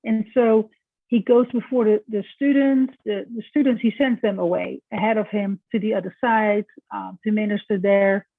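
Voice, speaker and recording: A woman's voice: mid-range voice, fairly even intonation, moderate pace. A woman lecturing to students in a conversational way, with frequent restarts and check-ins. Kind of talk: recorded lecture. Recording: tinny, phone-like dry recording.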